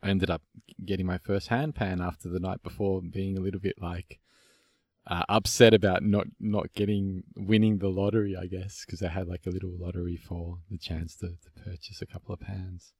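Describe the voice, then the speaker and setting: A man from Australia hosts a relaxed podcast conversation, his deep voice carrying a husky edge. He talks reflectively, circling back with fillers and restarts. The sound is dry and close. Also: moderate pace, no room sound. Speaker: podcast host. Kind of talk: casual conversation.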